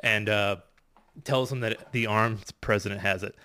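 A man's voice: fairly low pitch, fairly even intonation, measured pace, pushed and bright, clear, resonant tone. Rambling, profane man recapping a game. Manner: rambling, profane, full of fillers and restarts. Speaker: podcast competitor recapping a game. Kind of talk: rushed casual game recap.

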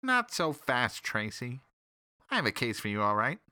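A man's voice: medium pitch, very animated, moderate pace, bright, forceful tone, no room sound. A man voicing a smug, teasing male salamander detective who drawls out his mockery in a sing-song way. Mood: mocking.

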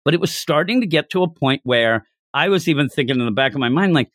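A man's voice: fairly high pitch, expressive, fast talker, fairly bright tone, no echo, clean studio sound. A man co-hosting a casual podcast about a manga, talking animatedly and acting out characters' lines in shifting voices. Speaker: podcast co-host.

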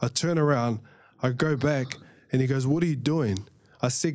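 A man in his thirties from New Zealand with a New Zealand accent, telling a story in casual chat, animated and swearing freely as he acts out scenes. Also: medium pitch, normal speed. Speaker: guest, fighter.

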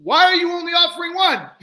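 A man coaches a salesperson through a live role-play, blunt and profane as he lectures. He often raises his voice, frequently shouting and then dropping low.

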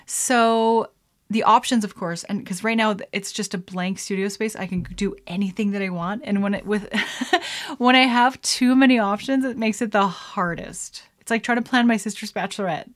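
Female podcast host, casual rambling solo chat, average pitch, studio mic. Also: normal speed. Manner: chatty and rambling, frequent laughs and fillers.

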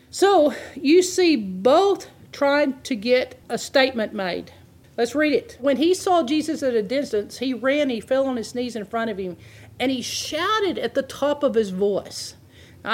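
Lady preacher giving a sermon, kinda high voice, laughs a lot. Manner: animated, laughs often, reads scripture aloud.

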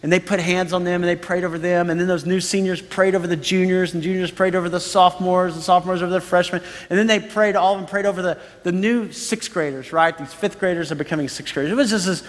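Pastor, man in his thirties, higher voice, earnest storyteller, preaching in a reverberant hall. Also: fairly even intonation, fast talker, hardly any pauses. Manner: earnest storytelling, emphatic repetition. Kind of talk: sermon.

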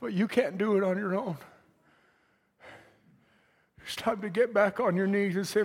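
A male preacher delivering a sermon, building from quiet reasoning to impassioned shouts. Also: sits high, fairly even intonation, unhurried, pauses often, breathy edge. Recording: long hall reverb.

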